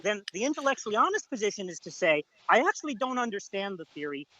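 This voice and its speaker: A man's voice: high voice, very animated, fast talker, pushed and bright, muffled recording. A man in a heated debate on a video call, talking insistently and repetitively, interrupting to lecture his opponent.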